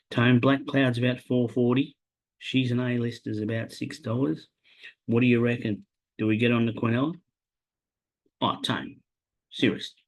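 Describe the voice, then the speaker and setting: An Australian man with a lowish, breathy-edged voice hosts a podcast solo in casual chat. He rambles through horse racing tips with self-mocking humor and addresses his absent co-hosts.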